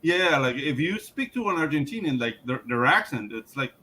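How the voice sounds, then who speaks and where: A man's voice: a little high, very animated, normal speed, pushed and bright, poor audio. A man, chatting in a laid-back way full of "like" and "dude". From Panama. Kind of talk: casual chat.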